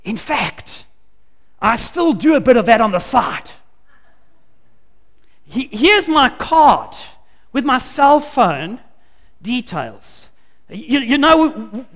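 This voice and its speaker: A man's voice: very high-pitched, sing-song, takes it slowly, pauses often, fairly bright tone, full character voice. Brazen flirt, as a preacher puts her on. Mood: suggestive.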